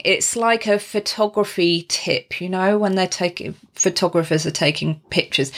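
Slow-talking woman giving a friendly tutorial. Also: medium pitch, fairly bright tone. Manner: friendly, explanatory, with light laughs and small restarts. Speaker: presenter teaching on-camera skills. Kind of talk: casual instructional talk to camera.

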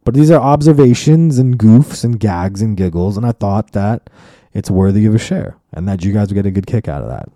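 A man's voice: on the low side, lively intonation, brisk, dark tone, no echo, studio quality. A man hosting his own podcast in a casual, profane, rambling solo monologue that turns mock-preachy. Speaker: podcast host and comedian.

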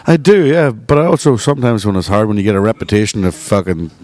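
A man's voice: on the low side, big pitch swings, quick pace, darkish tone, no room sound. A man, a bar co-owner, telling profane stories in casual chat and laughing as he goes. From Northern Ireland. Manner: profane storyteller, laughs mid-story.

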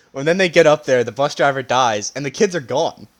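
A man's voice: medium pitch, normal speed, no echo. A man co-hosting a podcast in casual chat, laughing often and retelling scenes with quoted lines over a video call. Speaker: podcast co-host.

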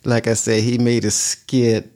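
A man's voice: medium pitch, level tone, unhurried, dark tone. A man hosting a vlog, talking earnestly and casually and repeating points for emphasis. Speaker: vlog host. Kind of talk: casual talk to camera.

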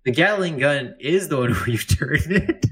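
A man's voice: fairly high pitch, animated, moderate pace, a bit bright, breathy edge. A man co-hosting a casual podcast, reading news aloud and joking, tripping over foreign words. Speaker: podcast co-host. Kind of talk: casual chat.

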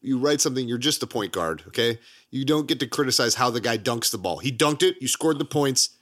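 A man co-hosting a casual movie podcast, animated and quick with asides, laughing often. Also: mid-range voice. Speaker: podcast co-host.

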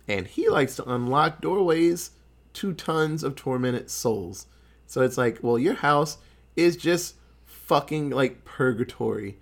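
A man casually recapping a horror film as a podcast host, animated and profane, often laughing. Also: a little high.

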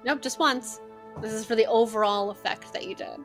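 A woman narrating as game master of a tabletop role-playing game, animated, with loose fillers and frequent laughter. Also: a little high, a little fast, faint music behind.

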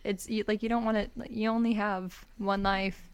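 A woman's voice: medium pitch, level tone, normal speed, clear, resonant tone. A young woman co-hosting a podcast in casual chat, chatty and filling her speech with "like". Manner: chatty, heavy use of "like", often laughing. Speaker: podcast co-host.

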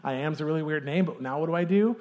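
A man's voice: fairly high pitch, darkish tone, dull audio, natural voice. A man voicing Moses as a hesitant, doubtful man in a casual sermon retelling. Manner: hurried, doubtful.

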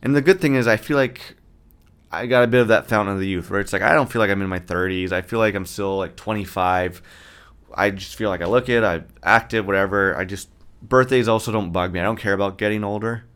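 A man in his thirties talks on his own podcast in a lowish voice. He rants with plenty of swearing and dry sarcasm. His delivery stays fairly monotone throughout. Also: a little fast, smooth. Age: 30s. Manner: profane, ranting, sarcastic; self-described monotone delivery. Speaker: podcast host. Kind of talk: casual solo podcast rant.

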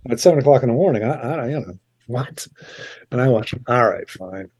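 Older guy, husky lowish voice, rambling animated storyteller, dry close mic. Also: fairly quick, dry recording. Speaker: musician guest. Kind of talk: casual anecdote telling.

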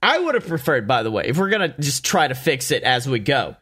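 A man hosting a casual podcast, talking excitedly and profanely with lots of laughter and mock quotes. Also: mid-range voice, brisk, husky. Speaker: podcast host. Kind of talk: casual wrestling podcast chat.

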